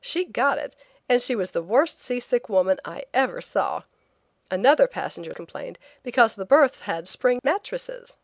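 A woman's voice: medium pitch, lively intonation, moderate pace, creaky, no room sound, studio quality. Woman reading a travel memoir. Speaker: audiobook narrator. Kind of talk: audiobook narration of a travel memoir.

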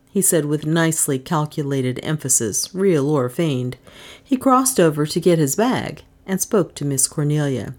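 A woman reading a novel aloud as a narrator, in a measured way, giving the characters modest voices of their own. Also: sits low, expressive, darkish tone. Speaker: audiobook narrator.

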